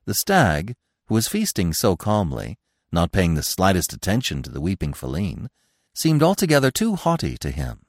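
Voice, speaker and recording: A man reading a classic story aloud as a narrator, expressive and animated. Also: low voice, moderate pace, no room sound, clean studio sound. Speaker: audiobook narrator.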